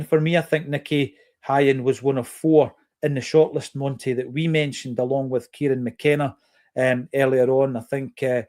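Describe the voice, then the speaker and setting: A man's voice: mid-range voice, a little mellow. Opinionated Scottish man hosting a podcast. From Fife, Scotland. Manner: earnest, opinionated, measured with fillers. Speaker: podcast host reading listener comments. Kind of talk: football podcast chat.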